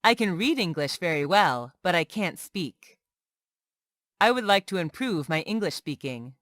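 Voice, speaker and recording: A woman reading short everyday English phrases aloud one by one, clearly and carefully, as a language lesson. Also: fairly low pitch, expressive, measured pace, a bit bright, no room sound, studio quality. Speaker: English teacher.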